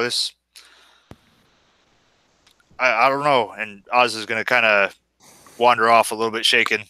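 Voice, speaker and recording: Man, tabletop player, rambling folksy talk, smooth bright tone. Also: mid-range voice, dry recording. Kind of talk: casual chat as a tabletop player.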